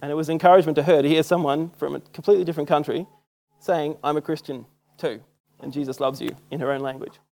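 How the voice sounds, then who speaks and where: A man's voice: fairly high pitch, fairly even intonation, quick pace, gravelly, mellow. A young Australian man preaching a sermon in a casual, self-mocking storytelling way. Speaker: church speaker. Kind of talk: sermon with personal stories.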